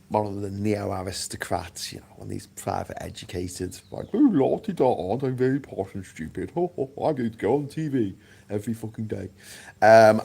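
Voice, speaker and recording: A man hosting a livestream in a relaxed, rambling way, with frequent swearing and quick asides. His voice sits a little low, and he talks in loose, conversational stretches. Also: vocal fry, breathy edge. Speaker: livestream host. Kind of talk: casual chat.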